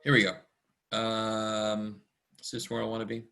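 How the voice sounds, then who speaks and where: A man teaching a math class online in a casual, chatty, rambling way, often talking fast and poking fun at himself. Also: on the low side, completely flat delivery, gravelly, music in the background. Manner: chatty, rambling and self-deprecating; talks fast much of the time. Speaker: math instructor. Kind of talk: casual online lecture to students.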